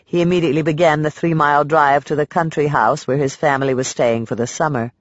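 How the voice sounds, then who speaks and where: Man narrating history, slightly high voice. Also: fairly even intonation, dry recording, highs cut off. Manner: measured, lifts and stresses quoted passages. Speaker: audiobook narrator.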